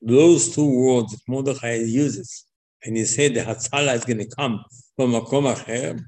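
A man teaching a religious lesson in a lively storytelling way, acting out dialogue and repeating his words for emphasis. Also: medium pitch, moderate pace.

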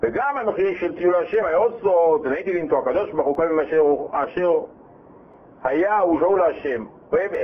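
A man teaching a Bible class, reading verses and translating them, retelling the story in a lively way with frequent self-repeats and restarts. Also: a little high. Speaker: Torah teacher. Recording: tinny phone-like line with faint hiss.

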